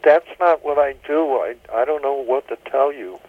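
A man's voice: mid-range voice, moderate pace. A man answering a business call, terse, firm and patient. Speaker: business owner taking a call. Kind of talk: phone conversation. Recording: tinny phone line.

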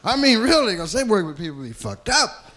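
High, animated male stand-up comic. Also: a little fast. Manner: profane, animated storytelling with voices. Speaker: stand-up comedian. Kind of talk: stand-up routine.

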